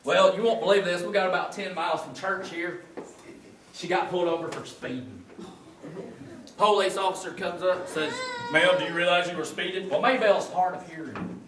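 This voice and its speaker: A man with a high voice performs a folksy hillbilly comedy routine in a church. He speaks in a drawl. The recording is distant, roomy and noisy. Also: moderate pace. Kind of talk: comic storytelling in character. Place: church sanctuary.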